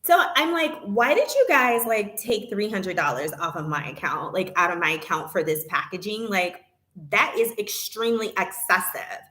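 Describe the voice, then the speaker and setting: A woman vlogger talking casually to her viewers, retelling a complaint with animated indignation. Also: lowish voice, moderate pace, echoey room. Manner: animated, indignant retelling, reads chat aloud.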